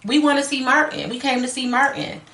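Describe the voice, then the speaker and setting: A woman's voice: sits high, little pitch movement, a little fast, bright, forceful tone, distant mic, a little hiss or hum, pitched above the performer's own voice. A woman voicing a gleeful, cruel little girl who taunts and giggles, within a spoken true-crime story. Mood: gleeful taunting. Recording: echoey room.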